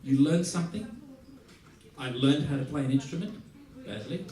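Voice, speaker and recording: Aussie guy telling stories at a masterclass, kinda high voice, big echoey theater, mic far off. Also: normal speed. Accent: Australian. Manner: animated storyteller, acts out quotes, laughs often. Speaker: musician teaching a masterclass. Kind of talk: anecdote-driven talk to an audience. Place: large theater hall.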